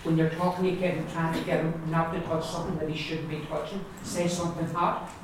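A man with an Ulster accent teaches Irish pronunciation, modelling each word slowly and repeating it. His voice sits a little high and sounds distant in a very echoey classroom, with noise audible behind him. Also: level tone. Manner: explains patiently, models words slowly and repeats them. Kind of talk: pronunciation lesson. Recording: echoey room, mic far off, background noise.

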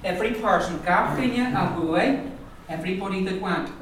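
A woman teaching a language class, patiently repeating words slowly for her learners. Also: medium pitch. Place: classroom or meeting room. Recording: roomy echo, mic far off, class noise behind.

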